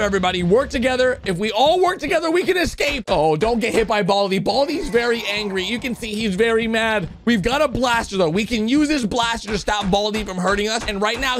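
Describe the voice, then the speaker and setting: Excitable high-voiced male commentator. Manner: excitable, swinging from loud shouts to low mutters. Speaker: YouTube commentator. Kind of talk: excited commentary over animations.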